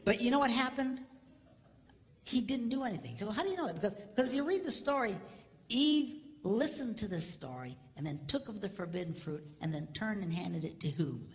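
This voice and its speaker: A male seminar speaker addressing a live audience in a comedic, preacher-like way. He swings from hushed near-whispers to loud, laughing shouts. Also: high voice, very animated, fairly quick. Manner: preacher-like exhortation. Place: large hall before a live audience. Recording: hall reverb with faint noise.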